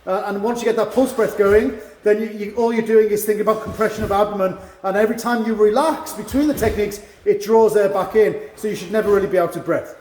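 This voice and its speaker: A man's voice: sits high, fairly even intonation, fast, hardly any pauses, darkish tone, reverberant, a little hiss or hum. A man, a karate instructor, teaching an online seminar over a video call, encouraging and checking understanding with frequent "yeah?".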